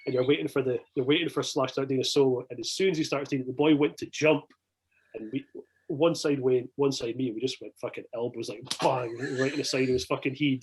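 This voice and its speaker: A man with a Scottish accent, swearing freely as he tells animated anecdotes in a casual podcast chat. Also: medium pitch, fast, slight background noise, poor audio.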